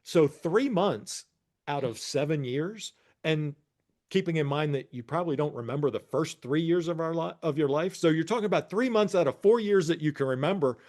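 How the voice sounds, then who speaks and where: A man's voice: fairly high pitch, animated, moderate pace, a little mellow. A man in his sixties co-hosting a podcast, explaining ideas in a reflective, casual way. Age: 60s. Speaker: podcast co-host. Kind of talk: casual chat.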